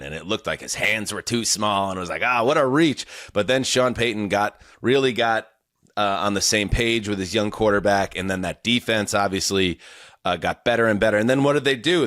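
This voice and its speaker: A man with a fairly low voice hosting a sports podcast. He rambles enthusiastically and often restarts his sentences. The recording is dry and close. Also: fairly bright tone, dry recording. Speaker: podcast host. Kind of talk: casual sports chat.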